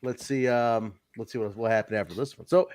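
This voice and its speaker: A man's voice: medium pitch, brisk, darkish tone, no room sound, studio quality. A man co-hosting a wrestling review podcast, chatting casually, swearing and laughing as he acts out what wrestlers said. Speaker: podcast co-host.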